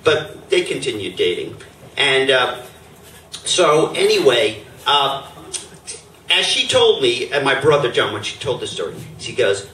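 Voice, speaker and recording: A man spins a personal story on stage in a bright, lively voice that rambles through fillers and little chuckles. The sound is roomy and distant, with a faint ambient hum underneath. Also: medium pitch, unhurried. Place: stage before an audience.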